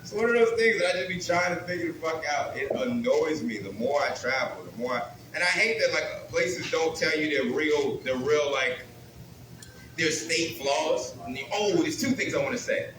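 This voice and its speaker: A man performing a stand-up comedy set, talking in a brash, crude and animated way and building rhythmic lists. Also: on the high side, moderate pace, background noise. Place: comedy club with a live audience. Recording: roomy club with crowd laughter.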